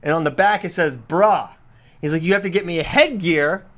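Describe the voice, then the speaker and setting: A man in his thirties with a somewhat high voice, co-hosting a relaxed podcast conversation. He tells stories with animation and slips into a high, excited voice when quoting his son. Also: moderate pace. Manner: animated storytelling, mimics his son's voice. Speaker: podcast co-host. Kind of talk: casual chat.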